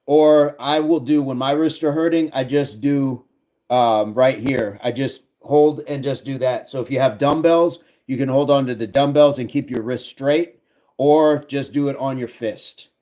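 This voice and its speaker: A man's voice: medium pitch, fairly even intonation, unhurried, warm tone. A man casually hosting a fitness livestream, joking and laughing as he reads chat comments aloud.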